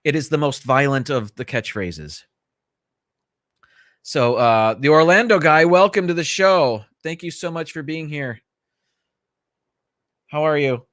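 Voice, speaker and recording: A man's voice: fairly high pitch, expressive, a little slow, pauses often, a bit bright, no room sound. A man hosting a casual livestream from a small home studio, chatting in a rambling, easygoing way and greeting viewers by name. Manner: easygoing, self-correcting asides. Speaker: livestream host.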